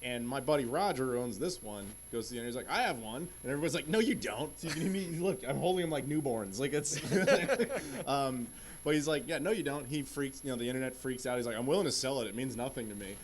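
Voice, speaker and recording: Fast-talking man telling a story on a panel. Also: mid-range voice, slight background noise. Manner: animated, acts out quotes of others. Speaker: convention panelist. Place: convention panel room.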